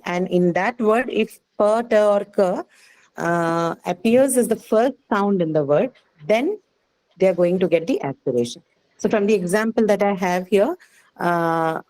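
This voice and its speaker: An Indian English woman teaches a classroom lesson, explaining step by step in a patient voice. She keeps pausing to check understanding with "right?" and "okay". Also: mid-range voice, darkish tone, rough recording. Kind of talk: classroom lecture on phonetics.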